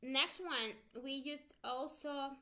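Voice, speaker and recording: A woman whose first language is Russian teaches English online, her voice fairly high and bright with a sharp edge. She explains patiently with many fillers and drills short phrases for students to repeat. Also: slow pace.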